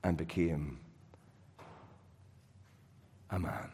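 A man's voice: very deep voice, steady tone, normal speed, breathy edge. Preacher man in a reverberant hall. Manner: dynamic, swings from loud emphasis to soft hushed drops. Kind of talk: sermon. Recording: long reverb of a large hall.

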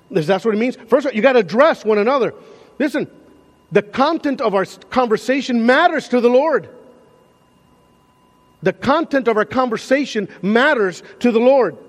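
High-voiced male pastor preaching in a hall. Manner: animated, conversational preaching with repeated restarts. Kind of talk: sermon. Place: church sanctuary.

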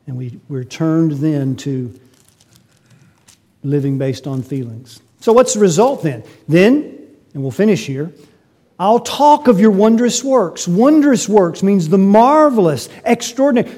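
A man preaching a sermon, swinging between loud, emphatic lines and quiet asides as he works through a scripture passage. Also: sits high, lively intonation, measured pace. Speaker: pastor.

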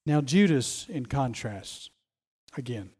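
A man's voice: medium pitch, sing-song, slow, darkish tone, breathy edge. A man preaching a sermon, emphatic, often repeating phrases and restarting as he stresses a point.

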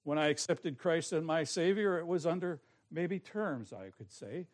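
A man preaching a sermon, telling his own testimony in an earnest way that swings from soft, hushed passages to forceful ones. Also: fairly high pitch, lively intonation, normal speed.

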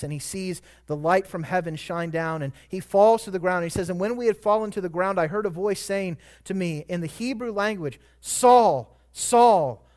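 A man preaching a sermon as pastor, shifting between quiet reflection and loud, emphatic peaks. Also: high voice.

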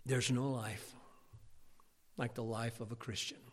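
A middle-aged man preaching a sermon, lively and animated, climbing to near-shouts and acting out his listeners' objections. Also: medium pitch, unhurried, breathy edge. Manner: animated, rising to near-shouts when stirred up; acts out imagined listeners' objections.

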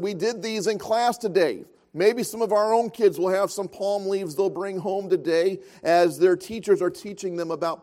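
A man's voice: fairly high pitch, darkish tone. A man preaching a sermon as pastor of a church, telling stories with frequent filler sounds.

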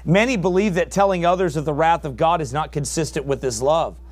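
A man preaching a fiery sermon, his voice climbing to shouts as he presses his points. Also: fairly high pitch, a little fast.

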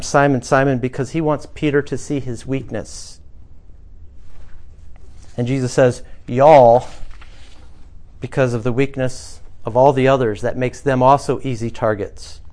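This is a pastor's sermon, conversational in tone and swelling into emphatic stretches, given to his congregation in a small church that used to be a bank. The man's voice sits in the mid range and has a slightly mellow quality.

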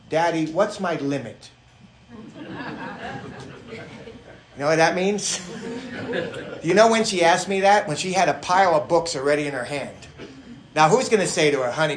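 A middle-aged male pastor delivers a sermon in a fairly high voice, swinging from quiet asides to near-shouted emphasis. He sounds animated and earnest. The sound carries a roomy echo from the church around him. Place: church sanctuary.

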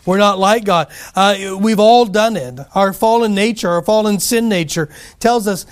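A man preaches with a notably high voice and a folksy, conversational delivery. He repeats key phrases for emphasis and often restarts his sentences. It sounds like an easygoing sermon. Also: normal speed. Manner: folksy, repetitive, frequent restarts.

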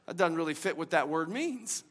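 A man pastor preaching a sermon, moving between quiet, low-key teaching and loud, emphatic preaching, and repeating key phrases for emphasis. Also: animated, normal speed.

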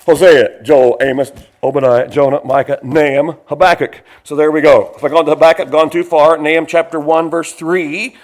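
High-voiced older man preaching. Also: steady tone, moderate pace, few pauses, a little mellow. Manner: folksy, digressive, laughs while preaching. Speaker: pastor. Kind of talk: sermon.

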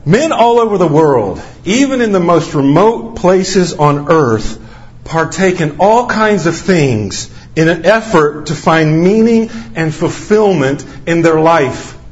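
A man's voice: fairly high pitch, animated, slow, highs cut off. A man preaching a sermon as a missionary, stressing key phrases by repeating them over and over.

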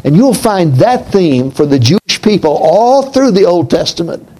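A man preaching a sermon in a slow, reflective way, dropping to a hush on key points. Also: high voice, sing-song, poor audio.

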